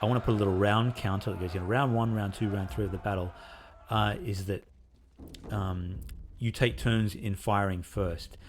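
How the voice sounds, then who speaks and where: A man casually talking through a playthrough of the game he is developing, relaxed and rambling with lots of fillers. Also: fairly low pitch, normal speed, noisy background. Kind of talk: casual gameplay devlog commentary.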